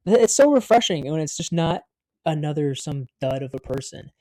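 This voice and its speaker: This American vlogger in his twenties speaks to camera in a fairly high, lively voice at normal speed, with a dark tone and no room sound. He tells his story in a loose, rambling way, saying "like" constantly and swearing freely.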